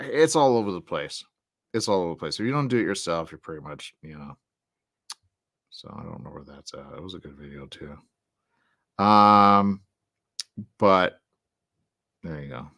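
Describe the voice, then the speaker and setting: Alone at the mic, a radio talk show host with a lowish voice rambles in an animated, loose manner, performing quoted voices before drifting into mumbles. The recording is dry and of studio quality.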